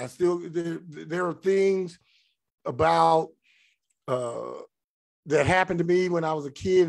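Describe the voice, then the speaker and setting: A man's voice: on the high side, creaky. A middle-aged man hosting a spiritual podcast, reading passages aloud and then riffing on them in a candid, profane, personal way. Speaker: podcast host. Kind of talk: casual spiritual monologue.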